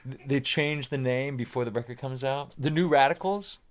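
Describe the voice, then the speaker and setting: At a normal speed and mid-range pitch, a man guesting on a podcast as a musician recounts anecdotes casually. He's animated, mimics what others said, fills in with "like" frequently, and swears now and again.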